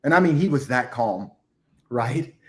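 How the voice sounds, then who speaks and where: A middle-aged man, a retired military chief, telling a combat story as a podcast guest, acting out the shouted orders. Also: medium pitch, unhurried. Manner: animated war storytelling, acts out shouted quotes. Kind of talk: casual storytelling interview.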